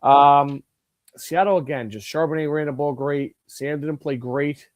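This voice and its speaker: A man's voice: a little high, unhurried, no room sound. A man co-hosting a sports podcast, chatting casually in a laid-back way and reading out game scores. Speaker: podcast co-host. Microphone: podcast studio mic.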